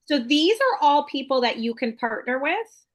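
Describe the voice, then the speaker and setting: A woman's voice: high-pitched, big pitch swings, moderate pace. A middle-aged woman real estate broker hosting a casual chat, talking in a chatty, enthusiastic way and thinking aloud. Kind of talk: casual video call chat.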